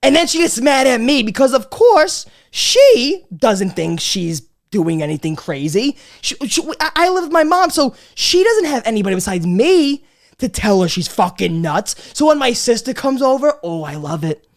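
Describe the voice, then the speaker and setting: A young man in his twenties chats on a comedy podcast. He swears freely and gets loud and animated as he acts out his family. His talk is quick and full of restarts. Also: extremely high pitch. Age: 20s. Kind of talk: casual podcast chat.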